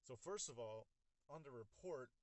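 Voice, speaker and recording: A young man casually retelling a personal story. He talks in a halting way, repeats words and acts out what others said. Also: mid-range voice, expressive, no room sound.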